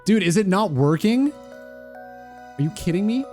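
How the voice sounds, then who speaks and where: A man's voice: sits high, expressive, slow, darkish tone, faint music behind. A man chatting casually on a gaming stream, teasing and mock-incredulous.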